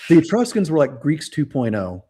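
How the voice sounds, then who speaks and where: A man's voice: fairly high pitch, sing-song, fairly quick, mellow, breathy edge. A young man hosting a casual live stream, rambling with lots of fillers and self-corrections. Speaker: host.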